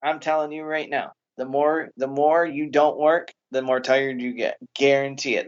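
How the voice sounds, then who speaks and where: A man's voice: medium pitch, steady tone, normal speed, hardly any pauses, highs cut off. A man co-hosting a comedy podcast, rambling and hesitant in casual banter. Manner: rambling, hesitant, lots of restarts. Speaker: podcast co-host.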